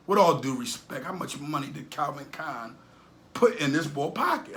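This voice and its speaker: A middle-aged man giving animated street-talk commentary, preachy and repetitive, firing off rhetorical questions and swinging between loud bursts and low muttering. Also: measured pace. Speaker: commentator on a social media channel.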